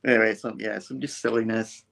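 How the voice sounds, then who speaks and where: A man's voice: fairly low pitch, steady tone, brisk, gravelly, fairly bright tone. A man in a casual comic book review chat, retelling scenes and briefly voicing the characters.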